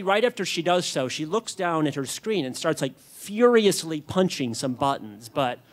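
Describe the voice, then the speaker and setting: A man in his thirties telling a comic personal story on stage, animated with sudden loud peaks. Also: fairly high pitch. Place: on stage at a club.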